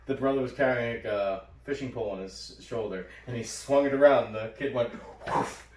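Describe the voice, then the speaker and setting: A man's voice: medium pitch, a little fast, a little mellow, a little hiss or hum. Laid-back man in a roomy echo. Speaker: podcast co-host. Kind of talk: casual chat. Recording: roomy echo, mic at a distance.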